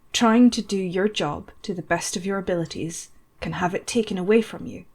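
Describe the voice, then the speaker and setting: A woman voicing a surly young man who speaks slowly and stubbornly, raw and defiant. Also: deep voice, husky, full character voice.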